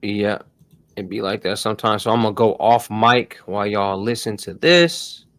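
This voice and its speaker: A man's voice: fairly low pitch, normal speed, a bit bright, no room sound. A man hosting a casual tech tutorial stream, talking loosely in slang to his viewers. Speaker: host.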